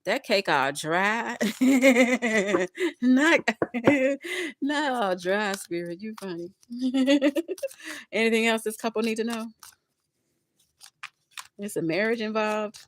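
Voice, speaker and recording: A woman giving a casual tarot reading to her viewers, chatty and expressive, often laughing and speaking to spirit. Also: mid-range voice, measured pace, long pauses. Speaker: tarot reader.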